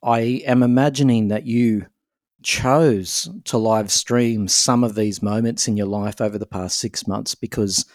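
A man interviews a guest, asking gentle questions. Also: fairly low pitch, steady tone, a little slow, dry recording, clean studio sound.

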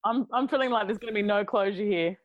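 A woman's voice: medium pitch, highs cut off. A woman, co-hosting a podcast with her brother, joking and asking playful questions. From Australia. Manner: playful, laughs a lot, quick quips. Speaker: podcast co-host, older sister. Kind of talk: casual chat, joking.

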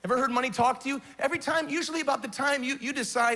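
High-voiced emphatic male preacher. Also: lively intonation, fast talker, few pauses, pushed and bright. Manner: emphatic, rhetorical questions, repeats for stress. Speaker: pastor. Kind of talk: sermon.

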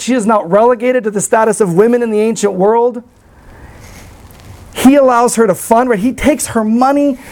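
A man delivering a sermon with a fairly high-pitched voice. He preaches earnestly but conversationally, dropping in light self-deprecating asides. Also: a little mellow, low-quality recording. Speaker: pastor.

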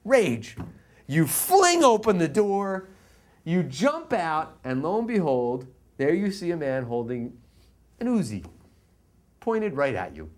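A man from the US East Coast giving a religious teaching as a lively story, laughing often and acting out scenes. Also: on the high side. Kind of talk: storytelling lecture.

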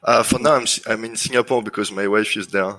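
A man with a French accent talks easily as an interview guest. His voice sits fairly low, and he often stops to restart his sentences. The recording is dry and close. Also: quick pace, no room sound, poor audio. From France. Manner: relaxed, many fillers and restarts. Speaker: guest, lead generation business owner. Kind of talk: casual interview chat.

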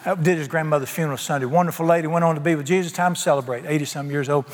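A man preaching a sermon, telling a folksy, animated story full of sudden jumps in pitch. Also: rapid-fire. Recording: reverberant hall with faint ambience.

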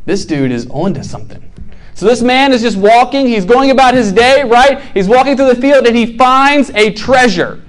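Young guy preaching to college kids, high voice, acts out the story, keeps saying right and like. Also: clean tone. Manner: animated storytelling, acts out characters, frequent "right?" and "like". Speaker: campus ministry preacher. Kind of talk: sermon to college students.

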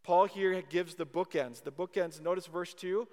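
A man preaching a sermon to a university gathering, emphatic and repetitive, leading into a quiet prayer. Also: high voice, normal speed. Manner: emphatic, repeats key phrases, then drops to a hushed prayer. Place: university chapel or hall. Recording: long hall reverb.

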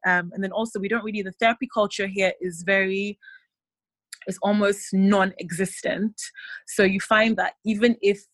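A woman's voice: mid-range voice, steady tone, moderate pace, no room sound, rough recording. A woman who runs an aesthetic clinic, answering interview questions thoughtfully with frequent fillers and restarts. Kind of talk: interview answer, casual explanation. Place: clinic in an African country.

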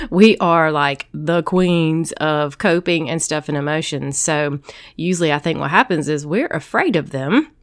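A woman's voice: fairly low pitch, no room sound, studio quality. A woman who hosts a podcast as a sobriety coach, talking casually and encouragingly to her listeners while congested from a cold. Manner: encouraging and direct, speaking to listeners as sisters. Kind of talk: casual solo podcast talk.

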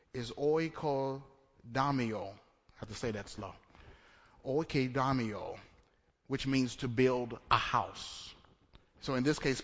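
Conversational preacher in an echoey church. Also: male voice, mid-range voice. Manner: conversational preaching with repeated words and rhetorical questions. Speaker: pastor. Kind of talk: sermon. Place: church sanctuary. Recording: dull echoey church recording.

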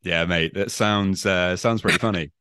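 Podcast host guy, really low voice, dry close sound, earnest. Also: normal speed, pushed and bright, smooth, no room sound. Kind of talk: casual interview.

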